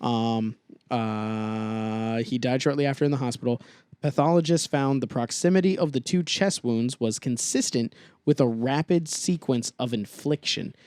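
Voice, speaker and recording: A young man co-hosting a casual podcast, joking around while reading news out loud. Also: mid-range voice, moderate pace, clean tone, no echo. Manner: joking, reads news aloud with asides. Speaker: podcast co-host. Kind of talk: casual chat.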